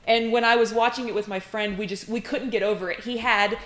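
A woman's voice: fairly high pitch, fairly even intonation, fairly quick, fairly bright tone. A woman co-hosting a casual movie review chat, recapping the plot and laughing often. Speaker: podcast co-host.

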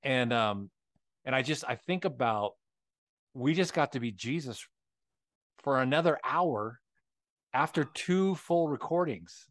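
A man's voice: mid-range voice, expressive, a little slow, long pauses, no room sound. A man co-hosting a faith podcast who tells stories candidly and keeps checking in with "right?". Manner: candid storytelling, tags with "right?". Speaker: podcast co-host. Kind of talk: casual faith conversation.

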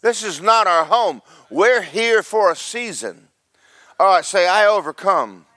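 A man preaching a sermon as pastor, swinging from slow loud emphasis to quick quiet asides. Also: high voice, expressive, no room sound.

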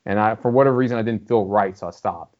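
Over dull lo-fi audio, a man with a fairly low pitch talks quickly and loosely about video games, dropping swears freely and performing characters' lines.

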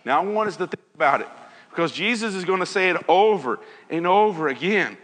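A man's voice: high voice, animated, fairly quick, fairly bright tone, in a large hall. A man leading an evening Bible lesson, earnest and repetitive, reading scripture aloud. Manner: earnest, repeats phrases, reads scripture aloud. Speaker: Bible teacher.

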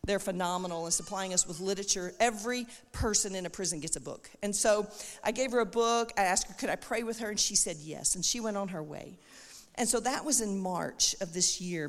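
A middle-aged woman tells a story from the pulpit as a testimony, and she acts out the voices of the people in it. Her voice sits at an ordinary pitch for a woman, and a long reverb trails after it through the hall. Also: expressive, fairly quick. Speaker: missionary speaker. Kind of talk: church testimony talk.

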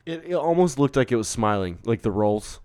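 A man's voice: medium pitch, expressive, brisk, darkish tone, smooth, no echo, clean studio sound. A young man in casual podcast chat, joking and swearing a lot and often slipping into goofy voices.

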